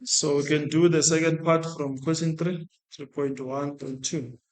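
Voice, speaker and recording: A man's voice: on the high side, steady tone, unhurried. A man teaching a maths lesson step by step, talking through his working aloud and often restarting or correcting himself. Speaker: maths lecturer. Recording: echoey room.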